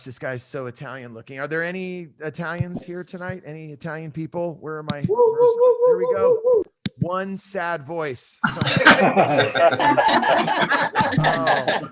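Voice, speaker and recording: A middle-aged man doing a stand-up comedy set over a video call from his home, telling animated stories and acting out the voices of his family. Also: on the high side. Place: home room in San Diego. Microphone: headphone mic on a video call. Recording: video call with loud audience laughter.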